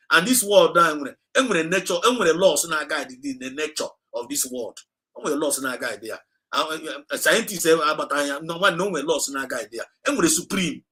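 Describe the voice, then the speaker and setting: Man, Nigerian accent, livestream host, impassioned, repetitive, bright forceful voice. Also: fairly high pitch, low-quality recording. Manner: urgent, repetitive, exhorting listeners; mixes Igbo and English mid-sentence.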